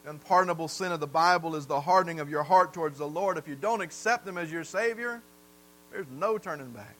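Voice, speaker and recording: A man's voice: on the high side, fairly quick, fairly bright tone, poor audio. A man from the South, preaching a sermon in a folksy storytelling way and putting questions to the congregation. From American South. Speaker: pastor.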